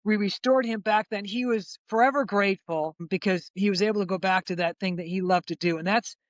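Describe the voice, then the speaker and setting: A man in his sixties, a chiropractor guest, telling a patient story in lively conversational style. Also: high-pitched, a little fast, no room sound, dull audio. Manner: animated storyteller, acts out quoted voices, frequent restarts.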